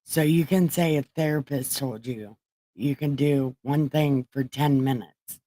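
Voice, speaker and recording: A woman's voice: rumbling low, a little slow, mellow, no room sound. A woman hosting a casual livestream, reading scripture in a rambling, profane, self-mocking way. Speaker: livestream host.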